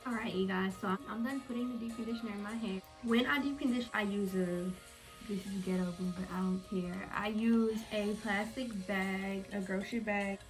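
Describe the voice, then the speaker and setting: A young beauty vlogger chats casually and directly to her viewers while walking them through her hair-care routine. Her mid-range voice stays steady at normal speed, with soft music playing in the background.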